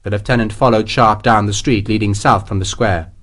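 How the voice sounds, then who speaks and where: A man's voice: fairly low pitch, fairly even intonation, a little fast, a bit bright. A man reading an audiobook as its narrator in a dramatic, vivid way. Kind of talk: scripted narration.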